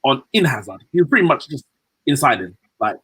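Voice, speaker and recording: A man giving animated, joking football opinions as a podcast co-host. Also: medium pitch, a little fast, slightly rough, no echo, low-quality recording. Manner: animated, joking, uses fillers. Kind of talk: casual chat.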